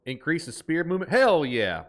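Lively twangy man streaming a game. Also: on the high side, moderate pace. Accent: Appalachian. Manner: chatty, reads chat aloud, laughs easily. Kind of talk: casual live-stream gameplay chat.

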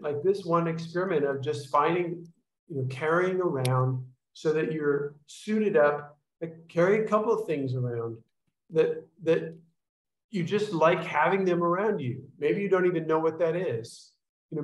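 Over a video call from an echoey room, a man with a slightly high voice leads a casual online workshop. His explanations wander, he restarts sentences, and he acts out little sounds to make his points.

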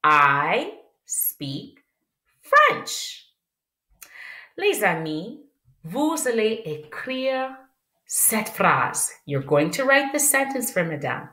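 A woman teaching young children, repeating words slowly and clearly and switching between English and French. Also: lowish voice, sharp tone, roomy sound. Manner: slow, exaggerated enunciation, repeating words. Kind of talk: children's language lesson.

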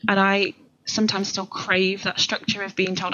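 A woman's voice: medium pitch, flat delivery, normal speed, sharp tone, highs cut off. A woman in her thirties, a podcast guest talking at length in a chatty, rambling, self-deprecating way. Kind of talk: casual conversation.

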